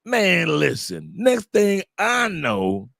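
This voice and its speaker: An American man hosting a live stream, spinning a loose, bawdy story full of jokes and acted-out quotes. His voice sits a little high for a man. The sound is close and dry, with no room echo. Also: wildly swooping pitch, takes it slowly, gravelly, a bit bright. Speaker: host. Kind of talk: casual storytelling to a live audience.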